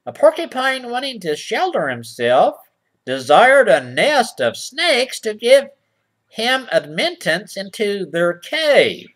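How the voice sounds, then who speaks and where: Sarcastic man with wildly swooping pitch. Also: sing-song, a bit bright. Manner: sarcastic, mock-innocent, keeps asking boys and girls; drawls slow over-read quotes. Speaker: comic reader of nursery rhymes. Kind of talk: mock children's-show comedy reading.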